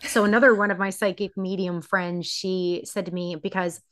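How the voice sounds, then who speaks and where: A woman's voice: fairly low pitch, little pitch movement, normal speed, a bit bright. A woman guest on a podcast, speaking effusively with spiritual turns of phrase and generous praise. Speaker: podcast guest, workplace safety coach. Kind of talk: casual podcast conversation.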